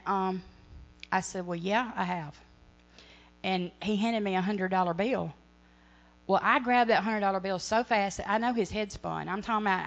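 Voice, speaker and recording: A woman's voice: medium pitch, gravelly. A middle-aged woman sharing a church testimony, earnest and rambling, often correcting herself. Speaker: ministry speaker.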